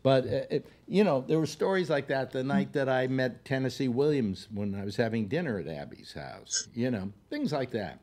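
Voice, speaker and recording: A man's voice: medium pitch, animated, a little mellow. An older man hosting a talk show, telling rambling anecdotes with many fillers and restarts. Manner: halting, full of fillers and restarts. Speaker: radio talk show host.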